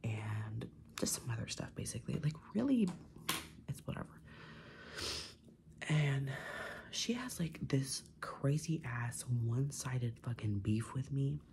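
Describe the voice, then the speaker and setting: Young man, gravelly whisper, ASMR makeup vent, chatty and sweary, faint background hiss. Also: medium pitch, animated, takes it slowly, long pauses. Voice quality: mostly unvoiced whisper. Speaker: ASMR creator. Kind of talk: whispered ASMR venting while doing makeup.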